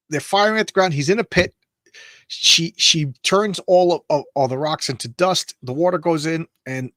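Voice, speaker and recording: A man casually reading a comic aloud and commenting on it, halting and rambling with many restarts, lifting his voice a little for speech balloons. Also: fairly high pitch, a bit bright, dry recording. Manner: reads speech balloons aloud in a lightly raised voice. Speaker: comic book show host.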